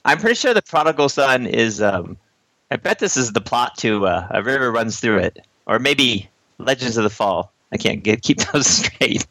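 A man co-hosting a casual talk show, cracking quick jokes and laughing often. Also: mid-range voice, big pitch swings, bright, forceful tone, no room sound. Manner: quick wisecracks, frequent laughter. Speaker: podcast co-host. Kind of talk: casual chat.

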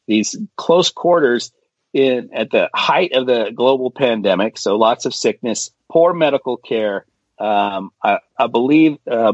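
A medium-pitched man hosts a casual podcast, ranting bluntly with plenty of profanity. The audio is dry and slightly muffled, with no room sound.

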